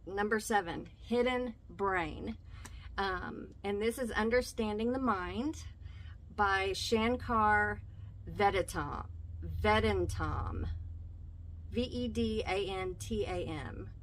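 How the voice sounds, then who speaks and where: A middle-aged woman with a drawl chats casually to her viewers. She speaks slowly, pausing often on "um" and repeating phrases as she goes. A faint hum sits under her voice. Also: mid-range voice, fairly bright tone. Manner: hesitant, frequent ums, repeats phrases. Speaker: vlogger. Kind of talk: casual vlog talk recommending podcasts.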